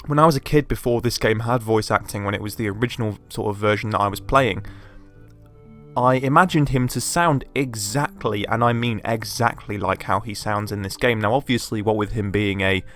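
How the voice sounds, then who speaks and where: A man talking through a video game playthrough in an easy, chatty way. His fairly low voice is loose and peppered with fillers. Faint game music runs behind him. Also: normal speed, a bit bright. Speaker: let's play host. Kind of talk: casual game commentary.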